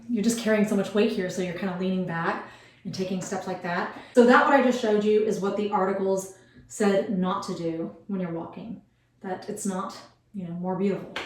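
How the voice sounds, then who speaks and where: A woman's voice: mid-range voice, darkish tone, a little hiss or hum. Chatty woman in a roomy space. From United States. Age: 40s. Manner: chatty, rambling, many fillers and asides. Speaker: beauty vlogger. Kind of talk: casual how-to vlog. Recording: roomy, mic some distance away.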